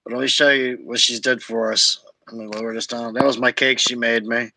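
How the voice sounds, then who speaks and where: A man hosting a casual livestream recap, telling his story slowly with halting restarts. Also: medium pitch, little pitch movement, creaky, bright, forceful tone, no echo, rough recording. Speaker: host.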